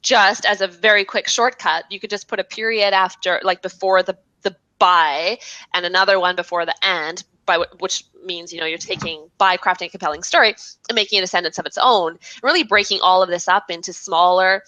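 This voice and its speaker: A woman's voice: fairly low pitch, steady tone, fairly quick, pushed and bright, dry recording, highs cut off. A woman giving direct, blunt advice on writing copy as a guest in a live online review session. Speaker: guest copywriting expert.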